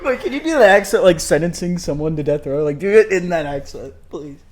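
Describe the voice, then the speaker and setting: A young man co-hosting a podcast in casual chat, playful and teasing, and quick to laugh. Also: on the high side, animated. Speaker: podcast co-host.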